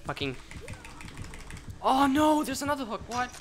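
A man giving live commentary on his own game, excitable and profane, swinging between mutters and sudden shouts. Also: extremely high pitch, unhurried.

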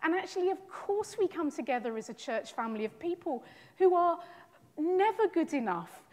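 A woman's voice: extremely high pitch, animated, moderate pace, darkish tone. A woman leading a church service, enthusiastic and informal as she responds to a testimony and moves on to baptisms. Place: church hall. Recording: long hall reverb.

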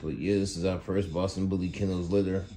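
Indoors at his home kennel, a man casually vlogs about his dogs, rambling in a relaxed way and peppering his talk to viewers with "y'all" and "man." His low voice is steady, brisk and mellow, with a slight hiss or hum in the recording.

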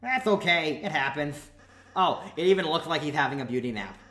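A woman's voice: low voice, expressive, a little fast, a bit bright. Lady playing cheeky little monster prince kid, bouncy up-down voice, echoey. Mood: playful. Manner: playful and goofy. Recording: echoey room.

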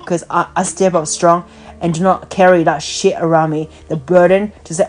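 A woman's voice: fairly low pitch, level tone, normal speed, darkish tone, faint music behind. A woman hosting a podcast, talking in a rambling, blunt casual chat over the phone and swearing freely. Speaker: podcast host.

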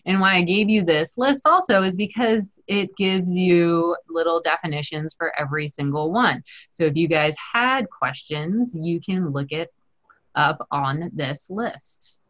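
A woman's voice: fairly low pitch, unhurried, fairly bright tone. A woman instructor leading a live online culinary class in a chatty, joking manner over a video call. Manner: playful, chatty, jokey. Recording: muffled online call audio.

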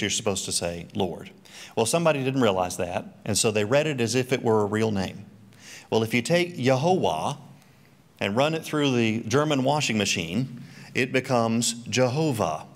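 Middle-aged male Bible teacher, animated pitch, quips at his own expense mid-lesson. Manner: joking, self-mocking asides. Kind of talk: church teaching talk.

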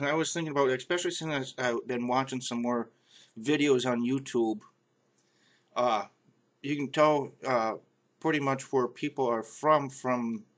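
A middle-aged man from the American Midwest with a Midwestern accent, talking to camera in a halting, friendly vlog full of fillers. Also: mid-range voice. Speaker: vlogger. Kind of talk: casual rambling vlog monologue.

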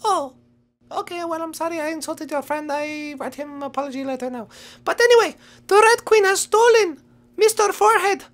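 A woman voicing a jittery, overeager male white rabbit in a game role-play, talking in a hurried, pleading way. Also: extremely high pitch, pitched above the performer's own voice. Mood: eager, pleading.

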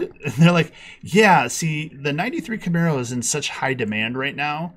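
A man's voice: moderate pace, few pauses, a little hiss or hum. A man telling a long personal story on a podcast call, acting out the people he quotes with big jumps in his voice. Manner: animated, acts out quotes with big pitch jumps. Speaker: podcast guest. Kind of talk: casual storytelling.

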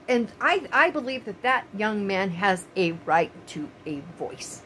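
A woman's voice: mid-range voice, very animated, a little slow, hardly any pauses, a bit bright, slight background noise, rough recording. An older woman and grandmother talking straight to her viewers in an emotional, pleading opinion monologue, repeating her phrases. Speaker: vlogger.

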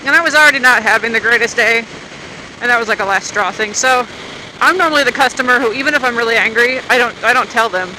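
A woman's voice: on the high side, quick pace, pushed and bright, slight background noise, low-quality recording. A woman motovlogger chatting and grumbling in a rambling, unscripted way outdoors at a gas station.

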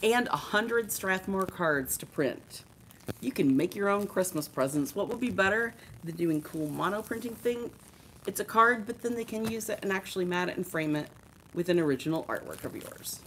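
A woman's voice: mid-range voice, lively intonation, normal speed, fairly bright tone, a little hiss or hum. A woman hosting a live art supply show, chatting and showing off products with enthusiasm while joking with her co-hosts. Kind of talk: casual live-stream product showcase.

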